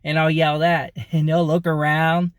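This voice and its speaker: A man with a somewhat high voice talks casually to his viewers. He rambles, repeats himself and laughs between thoughts. The sound is dry and close, with no room echo. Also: monotone, measured pace, smooth. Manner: rambling, repeats himself, frequent fillers and chuckles. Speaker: vlogger. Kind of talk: casual talk to camera.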